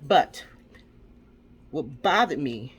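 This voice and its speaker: A woman's voice: extremely low pitch, expressive, very slow, slightly rough. A woman vlogger ranting angrily, swearing and firing off rhetorical questions with lots of repetition. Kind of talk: angry commentary rant.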